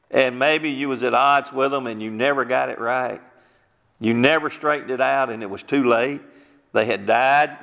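A man's voice: medium pitch, vocal fry, sharp tone. A man preaching a sermon as pastor, using fervent rhetorical questions. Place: church sanctuary. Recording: long church hall reverb.

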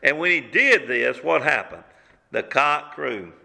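A man's voice: mid-range voice, animated, unhurried, vocal fry, bright, forceful tone. A man preaching a sermon as pastor, using fervent rhetorical questions. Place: church sanctuary. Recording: long church hall reverb.

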